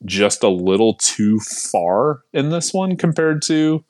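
A man co-hosting a casual film podcast, who gives his opinions in a measured way. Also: mid-range voice, very animated, darkish tone, dry recording. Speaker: podcast co-host. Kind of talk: casual chat.

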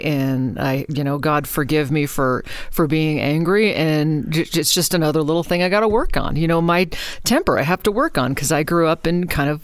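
A woman's voice: low-pitched, a little fast, few pauses, smooth, no room sound. A woman co-hosting a casual talk about faith and marriage, who speaks candidly and chattily and laughs often. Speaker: podcast co-host.

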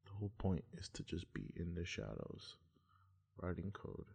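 A man's voice: sits low, sing-song, moderate pace, gravelly, a little mellow, breathy edge. A man rambling through a casual monologue, offhand, meandering and full of swearing.

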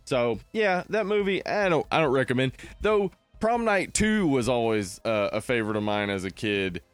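A man's voice: mid-range voice, very animated, normal speed, clean tone, dry recording, faint music behind. A man from New Jersey co-hosting a casual movie chat podcast, rambling with fillers and laughing often. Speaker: podcast co-host.

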